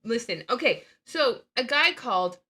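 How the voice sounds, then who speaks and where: A woman hosts a casual commentary chat, sarcastic and quick to tell a story. Her voice sits a little high and swings around a lot. It has a bright, sharp edge. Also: lively intonation. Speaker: channel host.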